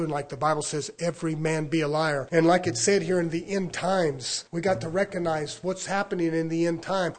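A man preaching a sermon, dropping to quiet asides and then rising into loud, fervent declarations. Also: fairly high pitch.

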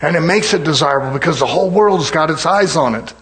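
A man with a slightly bright voice preaches a fervent sermon, dotting it with amens and hallelujahs. On scripture lines he slows down and drops low.

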